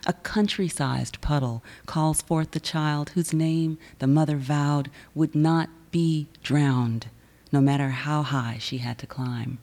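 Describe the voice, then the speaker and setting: A woman poet from the Southern United States reads aloud at a university event in a low, dark-toned voice. Her recitation is measured and rhythmic, and she makes chatty asides between poems.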